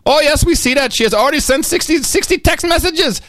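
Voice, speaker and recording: A man's voice: extremely high pitch, brisk, a bit bright, no echo, studio quality, pitched above the performer's own voice. A man voicing a polite male phone-company agent with an Indian accent, in overly polite, upbeat sales patter. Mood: politely upbeat.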